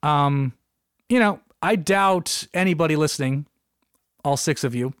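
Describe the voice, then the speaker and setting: A man's voice: a little high, unhurried, clean tone, no room sound. Rambling, jokey man with a dry close sound. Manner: rambling, jokey, animated, with frequent asides. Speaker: podcast host. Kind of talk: comedic solo podcast monologue.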